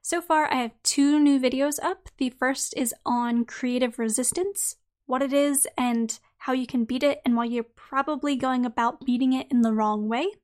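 A woman hosting a podcast who talks straight to her listeners in a friendly way and then reads out her own article, her voice slightly croaky today. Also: sits high, fairly even intonation, normal speed, few pauses, a little mellow. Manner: friendly, direct address to listeners. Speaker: podcast host. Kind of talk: podcast monologue and article reading.

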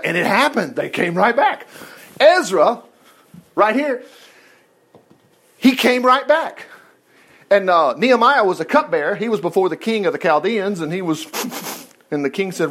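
A man preaching a conversational sermon, reading scripture aloud with lively, digressive asides and quips. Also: high voice, brisk.

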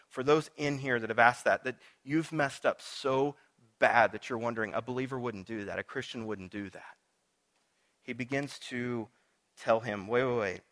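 Bright-voiced conversational male pastor. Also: medium pitch, normal speed. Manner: conversational, swings from loud to hushed. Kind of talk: sermon.

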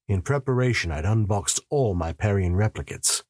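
A man's voice: deep voice, lively intonation, normal speed, hardly any pauses, breathy edge, no echo, studio quality. A man narrating a story in the first person with a wry, sardonic manner.

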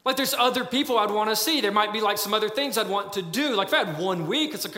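Pastor, male, high-pitched and bright, earnest pleading preacher, echoey hall. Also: fast talker, few pauses. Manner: earnest, pleading, with many fillers. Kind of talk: sermon.

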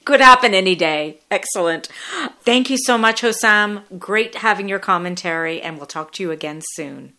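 A woman hosting a podcast, asking questions and explaining history in a lively, inquisitive way. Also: medium pitch, normal speed. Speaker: podcast host. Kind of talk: casual interview and explanation.

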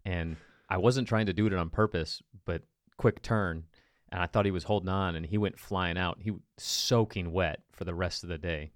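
Deep-voiced jokey podcast host. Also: male voice, moderate pace, hardly any pauses, no echo, studio quality. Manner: jokey, laughs easily, teasing. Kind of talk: casual podcast chat.

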